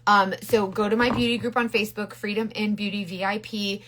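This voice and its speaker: A woman's voice: medium pitch, fairly even intonation, fairly quick, a bit bright. A middle-aged woman chatting bubbly and rambling on a casual makeup live stream, greeting viewers by name. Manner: rambling with frequent restarts.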